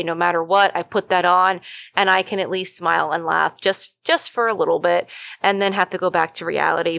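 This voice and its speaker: A woman's voice: lowish voice, fairly bright tone. A woman hosting a podcast, chatting casually and rambling with many fillers while feeling unwell. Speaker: podcast host. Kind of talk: casual chat.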